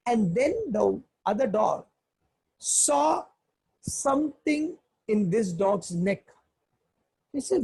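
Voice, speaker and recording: Gravelly high-voiced spiritual teacher. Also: male voice, a little slow, warm tone, rough recording. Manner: earnest, emphatic, teaching through fables. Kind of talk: spiritual discourse with storytelling.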